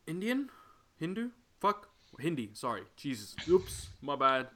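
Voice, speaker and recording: A man's voice: a little high, sing-song, unhurried, a bit bright. A man on a podcast, chatting casually, rambling, swearing often and correcting himself, over a video call. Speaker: podcast co-host. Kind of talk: casual chat.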